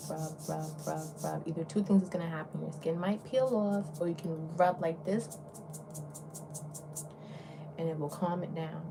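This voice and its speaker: A young adult beauty influencer with a Southern US accent drifts between thoughts in a relaxed get-ready-with-me chat. Her slightly low voice has vocal fry, and she sometimes slips into a soft whisper. A steady hiss of home background noise runs beneath her.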